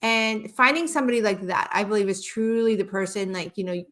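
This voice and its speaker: Woman hypnotherapist on a live stream, passionate and earnest, keeps restarting, mid pitch. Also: a little fast, fairly bright tone. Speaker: hypnotherapist guest.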